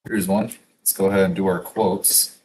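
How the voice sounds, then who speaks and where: A man in a casual solo work session, thinking aloud and reading quotes slowly, chuckling to himself now and then. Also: low voice, little pitch movement, background noise. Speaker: business consultant reading daily quotes.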